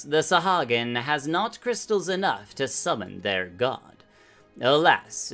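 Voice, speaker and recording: A man's voice: mid-range voice, a bit bright. A man reading out a stern, commanding woman admiral from a game, in a mock-formal tone. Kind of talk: reading game dialogue aloud.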